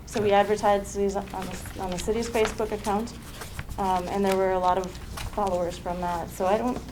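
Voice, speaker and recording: A woman on city planning staff, walking a commission through a plan in a measured, explanatory way with some fillers. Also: mid-range voice, little pitch movement. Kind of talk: public meeting presentation. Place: city council chamber. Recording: noisy meeting room recording.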